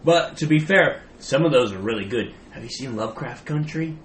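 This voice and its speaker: A man chatting casually on a podcast, relaxed and swearing casually. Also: medium pitch, moderate pace, reverberant.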